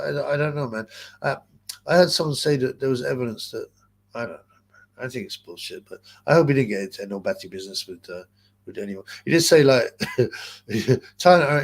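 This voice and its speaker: A man talks off the cuff as a livestream host, his voice rough with fry and sitting at an ordinary pitch. He rambles through crude gossip and reads chat comments, stopping and restarting often.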